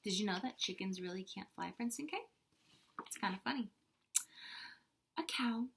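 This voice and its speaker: A woman kindergarten teacher reading a picture book aloud to children, animated with soft-spoken asides. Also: mid-range voice, moderate pace, gravelly, pauses often, slight background noise.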